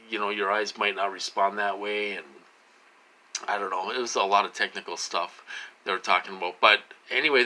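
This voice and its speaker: Agitated rambling man, bright voice. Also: fairly low pitch, poor audio. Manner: rambling, many fillers and restarts, agitated complaints. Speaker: vlogger addressing viewers. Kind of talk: casual monologue to camera.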